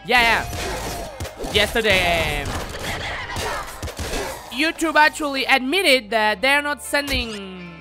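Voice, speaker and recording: A man's voice: very high voice, lively intonation, takes it slowly, pauses often. A man chatting on a live stream while gaming, rambling, stuttering and swearing. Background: game music.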